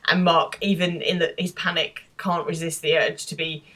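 A British woman co-hosting a podcast, casually recapping a TV episode with animated quoted lines and laughter. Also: on the low side, normal speed, rough recording. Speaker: podcast co-host.

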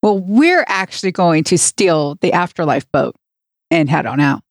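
A woman's voice: lowish voice, animated, moderate pace, no room sound, studio quality. A woman co-hosting a casual podcast with a wry, amused manner. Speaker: podcast co-host.

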